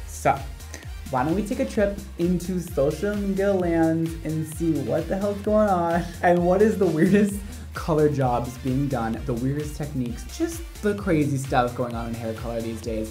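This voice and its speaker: A man, a hairdresser, giving casual reaction commentary in a sassy, animated way with dramatic exclamations. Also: on the high side.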